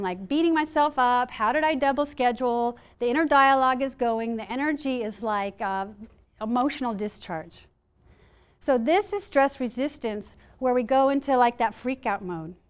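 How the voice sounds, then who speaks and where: A middle-aged woman speaks to a live audience about stress, her voice set a little high. She talks with animated energy and slips into acted-out panicked and calm inner voices to make her points. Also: clear, resonant tone. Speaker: speaker at a wellness talk.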